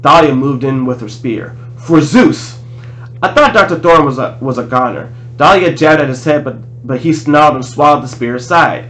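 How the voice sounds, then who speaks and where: A man reading a novel aloud in a plain, steady voice, restarting a few words now and then. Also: medium pitch, fairly quick, few pauses, rough recording. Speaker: audiobook reader.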